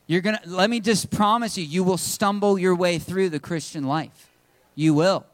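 Man, pastor, high-pitched voice, casual joking sermon, dry sound. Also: moderate pace, no room sound. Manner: conversational and joking, speaks straight to the congregation. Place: church service.

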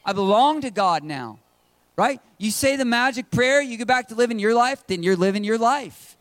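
Man, pastor, high-pitched voice, casual joking sermon, dry sound. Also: animated, moderate pace, a bit bright, dry recording. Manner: conversational and joking, speaks straight to the congregation. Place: church service.

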